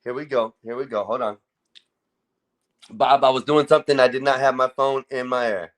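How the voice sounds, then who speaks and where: A man's voice: medium pitch, fairly even intonation, moderate pace, pauses often, a bit bright. A man hosting a casual livestream and talking to his chat, often exasperated, with a lot of swearing. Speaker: livestream host. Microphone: phone.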